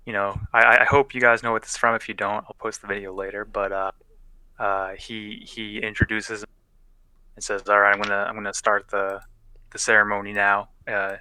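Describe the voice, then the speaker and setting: A man's voice: lowish voice, pushed and bright, clear, resonant tone, no room sound, rough recording. A young man casually narrating as game master of a tabletop game, loose and profane, often laughing.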